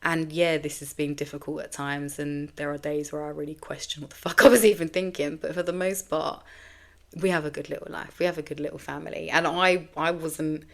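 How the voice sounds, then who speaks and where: Low-voiced candid woman podcaster. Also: fairly even intonation, a little fast, creaky, fairly bright tone. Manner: candid, rambling, swears casually. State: a little emotional. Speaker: podcast host. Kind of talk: personal monologue podcast.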